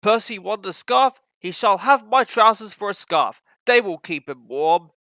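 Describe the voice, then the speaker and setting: A man voicing a pompous, cross male railway boss in a storybook reading, scolding loudly. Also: high-pitched, animated, unhurried, no room sound, studio quality, pitched above the performer's own voice, heavily acted. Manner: loud, blustering scolding.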